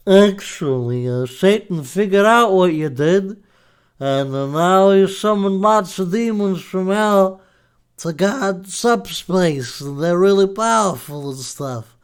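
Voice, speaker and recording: A man voicing God as a bored, rambling older man with a put-on New Jersey accent, drawling and halting, a little off the mic. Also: high-pitched, animated, clear, resonant tone, heavily acted. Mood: droning. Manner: drawling, halting, with lots of filler.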